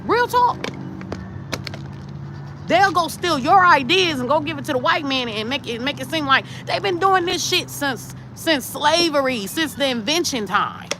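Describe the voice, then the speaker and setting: A woman's voice: high-pitched, moderate pace, few pauses. A woman, a tarot channel host giving blunt, profane commentary in a casual rant. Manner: blunt, profane and animated, talking straight at the camera. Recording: noisy, with traffic sounds outside.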